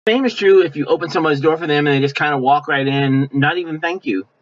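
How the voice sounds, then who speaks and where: A male pastor with a voice on the high side preaches a sermon in a folksy, conversational manner, occasionally mimicking offended people in quick asides. The recording has a dull, lo-fi sound.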